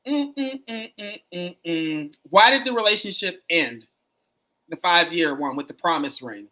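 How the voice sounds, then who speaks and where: Male dating-show host, high bright voice, chatty, echoes answers back. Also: animated. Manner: chatty, quick reactions, repeats answers back. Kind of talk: live-streamed dating interview.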